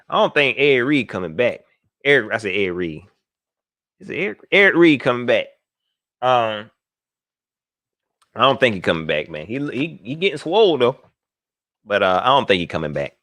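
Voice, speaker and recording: Animated, bright-voiced man hosting sports talk. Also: medium pitch, dry recording, studio quality. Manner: animated, slangy, jokey, reads viewer comments aloud. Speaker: sports podcast host. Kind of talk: live call-in sports talk.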